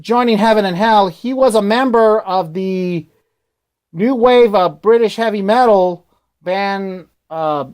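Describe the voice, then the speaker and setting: A man's voice: high voice, slow pace, darkish tone, clean tone. Male radio DJ, casual talk, rambling, hesitant, self-correcting.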